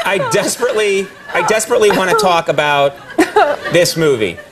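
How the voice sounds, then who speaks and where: A man hosting a late-night talk show, goofy and animated, often laughing and joking with his guest. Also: high-pitched, fairly quick, over a noisy crowd. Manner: goofy, animated, laughing, doing silly voices. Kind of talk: comic talk show interview. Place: TV studio with live audience. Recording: loud studio audience and noise.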